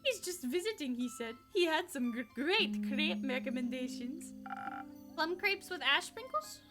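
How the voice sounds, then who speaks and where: A woman's voice: sits high, animated, unhurried, music in the background. A woman voicing a flamboyant, vain male vampire who visits a tavern, reading the game's lines in a theatrical, self-satisfied way. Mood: airy. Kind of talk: reading video game dialogue aloud.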